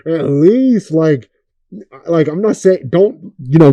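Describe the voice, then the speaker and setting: A young man with a dark, mellow voice, pitched a little high for a man. He rants through a casual podcast, swearing freely and firing off rhetorical questions. The sound is dry and close. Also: animated, slow pace, no room sound. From Oakland area. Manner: profane, ranting, rhetorical questions. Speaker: podcast host.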